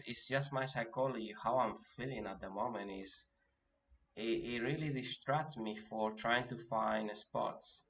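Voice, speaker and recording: A man giving live commentary as he day trades, thinking aloud and talking himself through his nerves with halting restarts. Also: medium pitch, fairly bright tone. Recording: dull lo-fi audio with faint noise.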